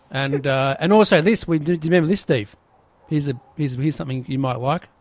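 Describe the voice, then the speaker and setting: A man's voice: on the high side, fairly quick, no echo. A man with an Australian accent hosting a podcast in casual, chatty talk, often saying mate. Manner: chatty, laughs easily, says mate a lot. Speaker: podcast host. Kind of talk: casual chat.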